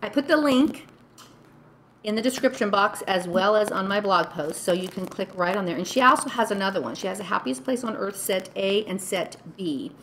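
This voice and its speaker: Woman, craft vlogger, gushing casual chat, average pitch. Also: expressive, moderate pace, a bit bright, a little hiss or hum, poor audio. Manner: gushing, chatty, lots of "oh my goodness". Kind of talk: casual show-and-tell tutorial.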